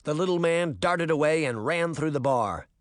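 Animated male storybook narrator. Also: moderate pace, dry recording, clean studio sound. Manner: animated, shifts pitch for each character. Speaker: audiobook narrator. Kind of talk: storybook narration with character voices.

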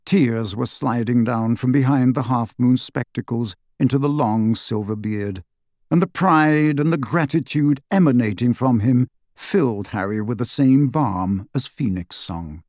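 A man narrating an audiobook in a steady, even storytelling manner on a close microphone. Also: mid-range voice, measured pace, dry recording. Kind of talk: scripted narration.

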